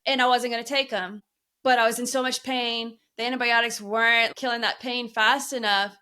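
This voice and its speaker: Bright-voiced woman telling a story. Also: fairly high pitch, fairly even intonation, normal speed, clean tone. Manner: chatty storytelling with frequent laughs. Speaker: podcast co-host. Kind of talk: casual chat.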